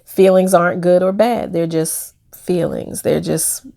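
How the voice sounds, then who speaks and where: A woman's voice: fairly low pitch, steady tone, unhurried, gravelly. A woman sharing a reflective personal video diary, hesitant, with many fillers and small laughs. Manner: soft-spoken, hesitant, many fillers, laughs while talking about pain. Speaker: vlogger.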